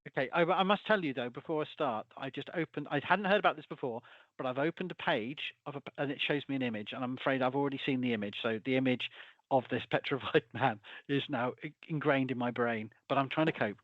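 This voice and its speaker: A man's voice: mid-range voice, quick pace, no echo. A man as a guest in a casual chat, rambling, restarting his sentences and chuckling through asides. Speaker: guest folklorist. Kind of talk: casual conversation. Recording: dull, dry sound.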